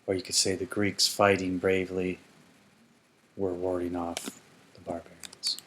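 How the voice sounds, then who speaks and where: A man's voice: sits low, level tone, a little slow, a bit bright, slight background noise. A man teaching ancient Greek grammar in a casual explanatory lesson, thinking aloud and correcting himself as he goes.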